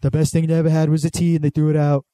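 Guy doing a brash bragging old politician bit, dark voice, keeps sliding british. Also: a little high, completely flat delivery, rapid-fire, no room sound, lightly acted. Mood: boastful. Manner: bragging, repetitive, slips into a British accent. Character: brash boastful older male politician impression.

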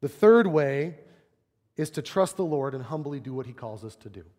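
A man delivers a sermon from the pulpit, his slightly high voice animated as he acts out quoted voices, then sinks into soft, low tones to drive a point home. The sound carries the long reverb of a large sanctuary. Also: normal speed. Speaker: pastor.

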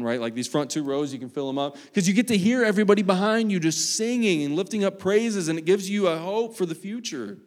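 A man's voice: mid-range voice, a little mellow. A man who is a student pastor, preaching a sermon in a church in a conversational way, with many fillers and asides. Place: church sanctuary.

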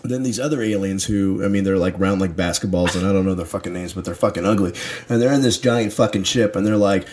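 A man's voice: deep voice, fast, darkish tone. A man with a son, co-hosting a podcast and telling a rambling, profane comic story in casual chat. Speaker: podcast co-host.

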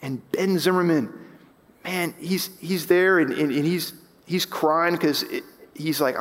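A man's voice: a little high, a little slow, big-room sound. A man preaching as pastor, impassioned, rising and falling with emphasis, often restarting his sentences. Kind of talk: sermon. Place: church sanctuary.

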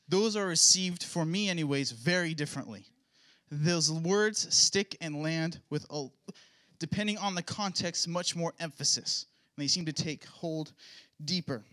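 A man's voice: fairly high pitch, a little slow, bright, forceful tone. A young man, a pastor's son, sharing a personal testimony in a casual sermon style, with joking, self-mocking asides. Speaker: pastor's son giving a church talk.

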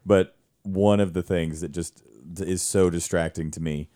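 Low-pitched male stage actor in relaxed conversation; lively anecdotes, quick to laugh. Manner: animated storyteller, laughs often. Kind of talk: casual conversation.

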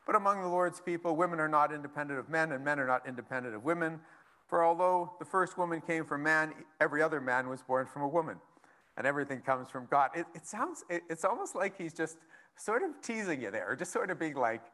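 A man's voice: fairly high pitch, lively intonation, normal speed, bright, forceful tone. A man preaching a sermon as pastor, casual and conversational, reading scripture aloud between asides.

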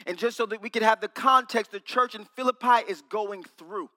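A man delivers a sermon in a small room, his voice bright and pitched high. He playfully quizzes and teases the people listening. A long reverb trails behind each phrase. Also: brisk. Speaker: preacher.

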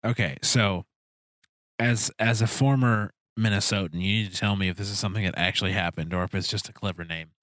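Male podcast host, very low voice, loose rambling questions, dry close mic. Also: fairly even intonation, brisk, a bit bright, dry recording. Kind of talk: casual conversational interview.

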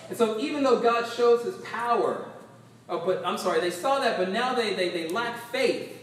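A man preaching a sermon as pastor, animated and laughing often as he acts out the voices in the text. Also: sits high, normal speed, distant mic, slight background noise. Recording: very echoey hall, voice from off mic.

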